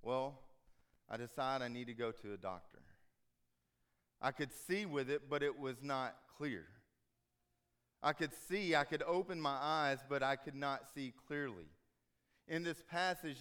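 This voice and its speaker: Smooth-voiced man preaching conversationally. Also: a little high. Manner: conversational, animated storytelling, acts out quoted dialogue. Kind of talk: sermon.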